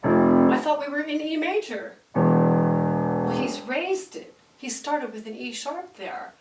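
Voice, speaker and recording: A woman's voice: high voice, huge pitch swings, takes it slowly, gravelly. A woman teaching piano, explaining the music and singing out rhythms. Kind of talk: piano lesson. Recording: roomy echo, distant mic, piano between phrases.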